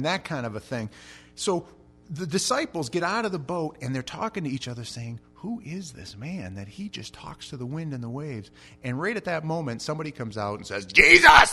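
A man preaching an expository sermon, telling the story with animated energy and shouting out the quoted lines. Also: a little high, a little hiss or hum. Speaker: pastor.

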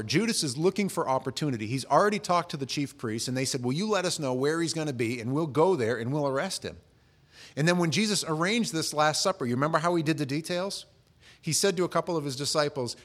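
A middle-aged man preaching a sermon in a conversational, storytelling way, acting out the voices he quotes. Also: fairly high pitch. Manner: conversational, acts out quoted voices, frequent restarts. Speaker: pastor.

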